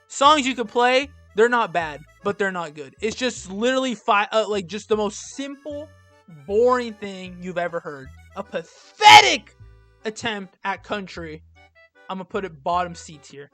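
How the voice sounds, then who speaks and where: A man's voice: high-pitched, bright, forceful tone. A young man giving casual, blunt and sarcastic commentary as he ranks albums, rambling with lots of fillers. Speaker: video creator ranking albums. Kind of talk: casual rant-style commentary.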